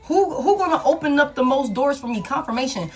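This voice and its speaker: A woman's voice: high-pitched, lively intonation, fairly quick, music in the background, voice pushed up. A woman voicing a vain, money-hungry young woman who is brash, blunt and demanding, and who swears freely.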